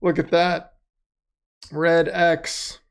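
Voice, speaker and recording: A man's voice: a little high, level tone, very slow, creaky, clean tone. A middle-aged man hosting a livestream, chatting casually, reading out donations and chat messages and calling game plays. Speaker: livestream host.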